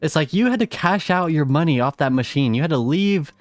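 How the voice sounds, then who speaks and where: A man's voice: on the high side, expressive, fairly quick, dry recording, soft background music. A young man chatting casually on a live stream, rambling through stories and laughing often.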